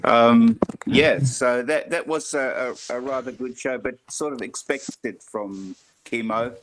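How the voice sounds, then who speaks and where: A man talking on a video call through an iPad microphone, joking dryly and pausing with hesitant fillers. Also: mid-range voice, fairly bright tone, poor audio. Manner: dry, teasing humor with hesitant filler pauses. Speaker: guest panelist. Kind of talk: casual video call chat.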